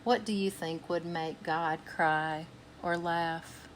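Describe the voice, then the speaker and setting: Slow, gentle woman reading a children's story. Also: fairly low pitch, steady tone, a little hiss or hum. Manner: gentle, asks listeners questions between passages. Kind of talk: reading a picture book aloud to children.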